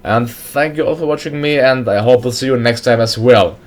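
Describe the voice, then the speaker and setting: A man hosting a casual game mod review, reading out names haltingly with frequent pauses and restarts. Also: mid-range voice. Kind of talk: casual screen-recorded game commentary.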